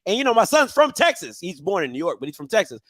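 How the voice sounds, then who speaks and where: This host is a man with a strikingly high voice. He tells his story in an animated, excitable way, breaking into loud outbursts full of slang. The recording is dry and close, with no room sound. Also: quick pace, no echo. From Maryland. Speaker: football show host. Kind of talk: casual storytelling monologue.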